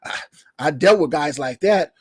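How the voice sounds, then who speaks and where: A man's voice: fairly high pitch, animated, moderate pace, husky, dry recording, studio quality. A man preaching a sermon as pastor, in a loose, conversational way, often repeating short phrases.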